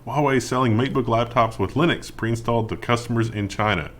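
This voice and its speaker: A man co-hosting a casual tech news chat, easygoing and quick to laugh. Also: mid-range voice, a bit bright.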